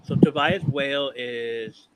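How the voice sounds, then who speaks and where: A man's voice: mid-range voice, slow. Profane, rambling man hosting a podcast. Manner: loose and profane, trails off and restarts. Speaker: podcast host. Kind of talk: casual podcast chat, counting down a ranked list. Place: live-streamed podcast. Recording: clear background noise with clicks.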